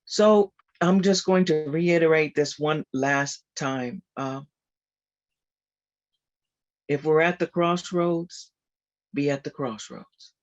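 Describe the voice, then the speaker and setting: Slow, animated spiritual speaker. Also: medium pitch, lo-fi sound. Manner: animated, repetitive, often laughing. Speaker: guest speaker. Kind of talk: informal spiritual talk.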